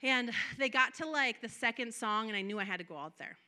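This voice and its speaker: A woman preacher delivering an impassioned sermon, moving between soft, drawn-out passages and loud, emphatic declarations. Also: a little high, smooth. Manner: acts out quoted prayers and dialogue.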